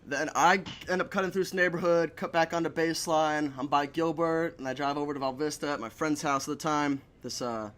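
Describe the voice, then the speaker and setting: A man's voice: fairly high pitch, brisk, few pauses, a bit bright. A young man telling a story in a casual chat, swearing a lot and laughing between lines. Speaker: podcast guest.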